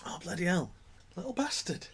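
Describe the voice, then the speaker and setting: A man's voice: sits high, big pitch swings, moderate pace, over a noisy crowd. A man co-hosting a casual podcast, chiming in with wry comments and laughing along. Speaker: podcast co-host.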